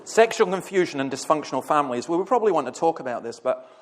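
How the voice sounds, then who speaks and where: Passionate Scottish minister, fairly high voice. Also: male voice, lively intonation, fast talker. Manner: passionate, blunt, humorous storytelling. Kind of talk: church talk to a congregation.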